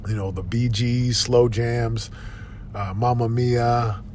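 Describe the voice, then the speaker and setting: A man's voice: medium pitch, steady tone, slow pace, darkish tone, slight background noise. Tired earnest man talking in a car. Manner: earnest, upbeat, repeats phrases. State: tired, yawning. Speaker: podcast host. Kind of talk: casual motivational talk. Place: inside a moving car.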